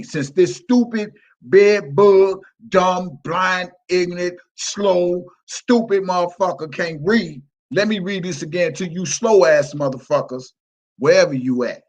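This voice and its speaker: A man's voice: high voice, measured pace, poor audio. A man hosting a livestream, ranting in a mocking, repetitive, profane way. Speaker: livestream host. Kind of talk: heated livestream rant.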